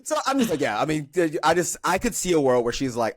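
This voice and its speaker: A man's voice: on the high side, very animated, fast talker, dry recording, studio quality. A man co-hosting a pop culture podcast, teasing and laughing often in casual chat. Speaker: podcast co-host.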